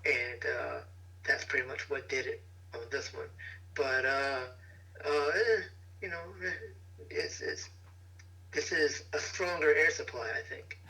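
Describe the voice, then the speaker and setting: A man with a bright, forward voice co-hosts a casual music-review chat. He speaks thoughtfully and hesitantly. He fills his pauses with ums and you-knows. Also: medium pitch, gravelly, poor audio. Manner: thoughtful, hesitant, many fillers. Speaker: podcast co-host.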